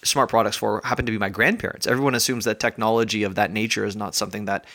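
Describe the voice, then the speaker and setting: A man hosting his own podcast from home, talking in a chatty, energetic, self-mocking way while a little out of breath. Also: on the low side, racing. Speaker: podcast host. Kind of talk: casual podcast monologue.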